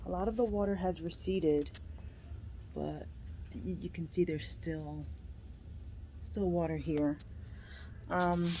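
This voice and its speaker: A woman filming a vlog walkthrough of her flooded basement, upset and halting as she holds back tears. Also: fairly low pitch, steady tone, warm tone, a little hiss or hum, low-quality recording. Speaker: vlogger, homeowner.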